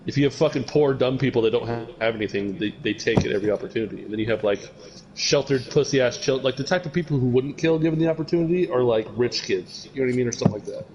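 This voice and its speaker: A man's voice: mid-range voice, fast, dull audio, slight background noise. A man streaming live, chatting casually and telling rambling, profanity-laced stories. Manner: rambling, profane, animated storytelling. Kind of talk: casual chat.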